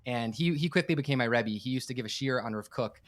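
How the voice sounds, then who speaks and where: An earnest man talks quickly, sharing a personal story as a podcast guest. His voice sits at an ordinary middle pitch. He speaks with heartfelt conviction and often restarts a phrase. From United States. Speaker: podcast guest, campus director and startup coach.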